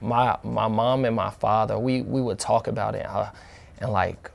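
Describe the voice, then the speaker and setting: A young man from the St. Louis area, talking casually as an interview guest in a relaxed, colloquial way with many fillers and restarts. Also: fairly low pitch, moderate pace, vocal fry. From St. Louis area, USA. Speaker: interview guest, football player.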